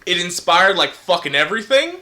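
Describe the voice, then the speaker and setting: A man's voice: high-pitched, big pitch swings, a little fast, pushed and bright. A man co-hosting a casual movie review chat in an exaggerated radio voice, swearing constantly.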